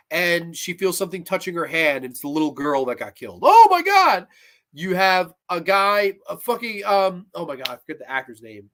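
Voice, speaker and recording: A man's voice: high-pitched, a bit bright. A man hosting a casual livestream horror film review, ranting with profanity and mocking re-enactments of scenes. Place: home livestream setup.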